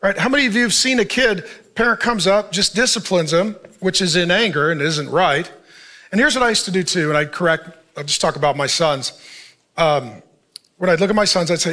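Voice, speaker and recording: A man's voice: high-pitched, fairly quick, pushed and bright. A middle-aged man, a pastor, giving a conversational sermon, putting questions to the audience and acting out short bits of dialogue. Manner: conversational preaching, asks the audience questions, acts out quoted dialogue.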